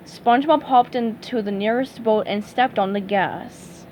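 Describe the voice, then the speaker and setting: A woman reading a children's storybook aloud with an expressive delivery. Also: a little high, a little slow, slight background noise. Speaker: reader.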